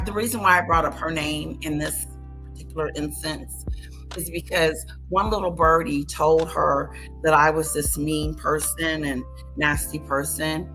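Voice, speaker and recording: A woman hosts her live stream with slow, deliberate commentary. Her voice is bright and a little tense, and she hammers each point by saying it again. Faint music plays underneath. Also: low-pitched, rough recording. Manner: emphatic, repeats points for stress. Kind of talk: casual commentary.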